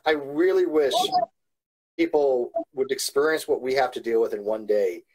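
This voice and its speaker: A man's voice: mid-range voice, measured pace, darkish tone, poor audio. A man talking earnestly in a casual chat, often repeating words as he starts his sentences. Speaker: YouTuber.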